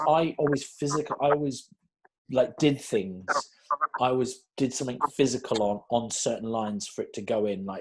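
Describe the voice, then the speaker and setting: A man with a British accent, a casting director giving casual advice in a Q&A, telling stories in a lively way and acting out quotes. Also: medium pitch, a little hiss or hum. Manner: animated storyteller who acts out quotes, many restarts.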